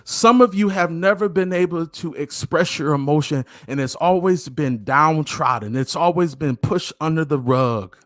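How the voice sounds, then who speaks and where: A man's voice: on the high side, normal speed, few pauses, fairly bright tone, no room sound, studio quality. A middle-aged man giving an earnest motivational talk to camera, repeating phrases for emphasis, with faint music behind him. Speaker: motivational speaker.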